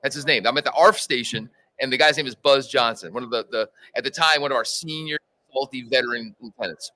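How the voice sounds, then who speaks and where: A man's voice: medium pitch, brisk, poor audio. A man who teaches in the fire service, telling stories in an interview and acting out the dialogue as he goes. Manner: animated storyteller, acts out dialogue. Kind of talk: conversational storytelling interview.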